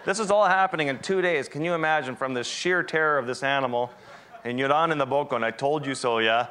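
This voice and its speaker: A wildlife photographer giving an animated, self-deprecating storytelling talk to an audience. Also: male voice, on the high side, fast talker, smooth. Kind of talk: storytelling presentation.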